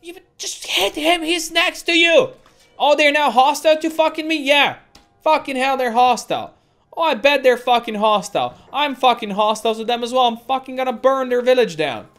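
A woman's voice: high-pitched, expressive, fairly quick, soft background music. A woman giving let's play commentary as a gameplay streamer, swearing constantly and ranting at the game.

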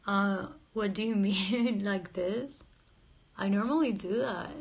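Giggly woman with a gravelly husky voice. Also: medium pitch, slow pace. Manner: playful, giggly, jokey, reads viewer comments aloud. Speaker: livestream host. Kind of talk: casual livestream chat.

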